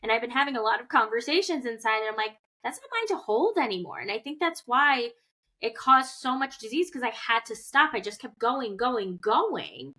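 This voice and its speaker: A woman's voice: fairly high pitch, normal speed. A woman co-hosting a podcast in casual spiritual chat, reflective and supportive, filling her talk with "like". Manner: reflective, peppers speech with "like"; supportive, asks gentle questions. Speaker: podcast co-host.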